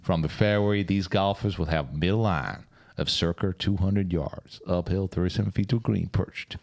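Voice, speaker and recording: A man's voice: deep voice, steady tone, moderate pace, vocal fry, darkish tone. A man putting on an American accent as a golf announcer, reading a voice-over in a stagey broadcast manner and stumbling over words. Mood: mock announcer. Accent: put-on American. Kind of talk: mock golf commentary voice-over.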